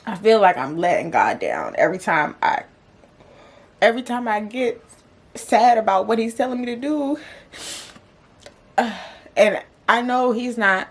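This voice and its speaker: A woman's voice: fairly high pitch, sing-song, measured pace, long pauses. Woman host venting to camera, casual slang, raw and personal. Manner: slangy, emotional, talks herself through doubts. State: tearful, voice breaking. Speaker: vlogger and podcast host. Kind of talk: candid confessional vlog.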